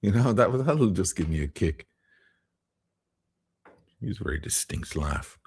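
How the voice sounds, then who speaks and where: A man with a deep, gravelly voice hosts a relaxed live stream, chatting easily and reading viewer comments aloud. His pitch rolls up and down a lot, and his unhurried delivery has a husky, rough edge. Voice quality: very low, gravelly voice. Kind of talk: casual live-stream chat.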